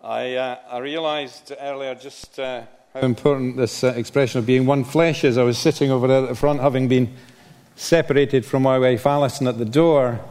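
An older Scottish man preaches from the front of a church, his voice carrying with a long hall reverb. He speaks at a middle pitch, warm and self-deprecating, with plenty of "uh" fillers. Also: steady tone, moderate pace, smooth. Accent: Scottish, softened by years in England. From Scotland. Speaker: visiting preacher. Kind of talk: sermon.

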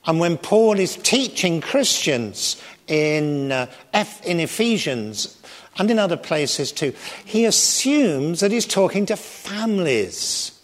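A middle-aged man preaching a sermon, expressive and shifting his pitch and volume for emphasis.

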